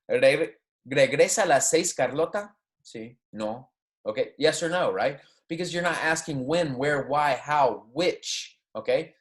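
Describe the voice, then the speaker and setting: In a recorded Spanish class, a man with a voice on the high side explains things in English and says Spanish example phrases slowly. He keeps checking in with "right?" and "okay."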